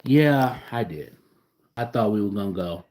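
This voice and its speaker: A man giving a casual, profane reaction rant as a sports fan vlogger, swinging between loud outbursts and low muttering. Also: expressive, a little slow.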